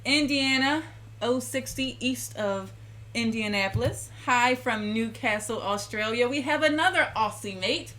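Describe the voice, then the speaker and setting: A woman's voice: fairly high pitch, measured pace, bright, forceful tone. A woman from Philadelphia hosting a casual live-stream lotion-making demonstration, chatting and greeting viewers by name. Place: home kitchen.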